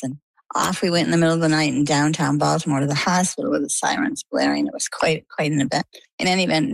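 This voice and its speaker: Low, gravelly older woman telling a story. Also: dry recording. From coastal Maine. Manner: chatty, vivid retelling with quoted dialogue. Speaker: interview guest. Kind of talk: conversational storytelling.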